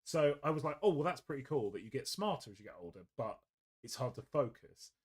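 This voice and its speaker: This painting livestream host has a mid-range, sing-song voice with a darkish, slightly rough tone, and he talks a little fast. Seated at his painting desk indoors, he chats casually, rambles through stories, and laughs often.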